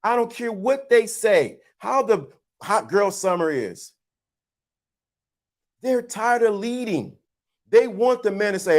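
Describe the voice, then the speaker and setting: A man's voice: sits high, animated, takes it slowly, long pauses. A man hosting a livestream, giving his blunt, preachy, teasing opinions to the chat in a casual, slangy way. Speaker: livestream host.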